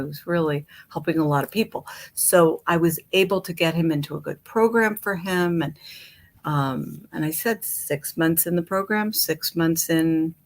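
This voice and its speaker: A middle-aged woman telling her own recovery story from home, candid and animated, acting out what was said. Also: low voice. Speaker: guest speaker.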